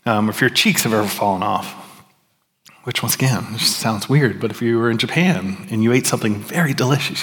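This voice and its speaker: A man's voice: mid-range voice, fairly quick, a bit bright. A man preaching a sermon as pastor, in a casual, self-deprecating way with many fillers and restarts. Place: church sanctuary. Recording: reverberant hall.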